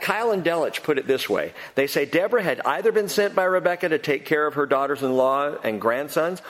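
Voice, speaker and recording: An emphatic male preacher whose voice swings up and down with lively, animated pitch, sitting a touch above the usual range for a man. He hammers home his points by repeating them, and his words trail off in a long reverb, as in a large sanctuary. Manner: emphatic, repeats key phrases. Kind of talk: expository sermon.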